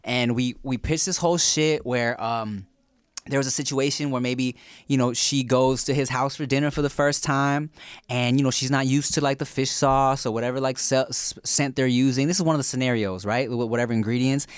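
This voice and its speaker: A man's voice: medium pitch, fairly quick, smooth, no echo, clean studio sound. A man in casual podcast chat, telling stories with plenty of swearing. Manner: profane, storytelling, animated.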